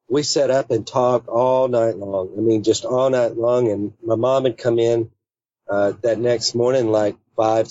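A man's voice: medium pitch, dark tone, dry recording. A man telling a personal story in a casual, rambling way, with many fillers and restarts. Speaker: interview guest. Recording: dull lo-fi sound.

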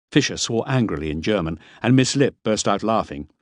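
Brief: wry first-person male narrator, animated delivery, dry studio sound. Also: on the low side, normal speed, few pauses, no echo. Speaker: audiobook narrator.

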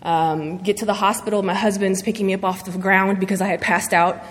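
A woman sharing a personal faith testimony before her church, speaking earnestly and haltingly through emotion. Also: medium pitch, fairly even intonation, a little hiss or hum. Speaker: church member giving testimony. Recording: long reverb of a large hall.

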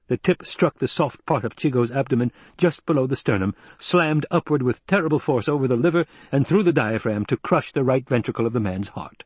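A man giving steady, measured audiobook narration, recorded close on a studio mic. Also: medium pitch, slightly rough, no echo.

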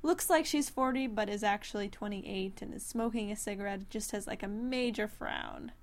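A woman's voice: mid-range voice, normal speed. A woman co-hosting a podcast in casual chat, making dry, wry asides. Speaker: podcast co-host.

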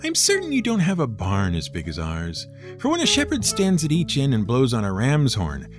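A man's voice: mid-range voice, huge pitch swings, normal speed, faint music behind. A man voicing a boastful young princess who tells tall tales.

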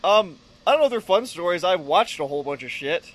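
A man with a high, bright voice jokes along in a casual podcast chat. He adds teasing remarks to his co-host's stories. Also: expressive, fast talker. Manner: joking, chiming in with teasing remarks. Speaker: podcast co-host.

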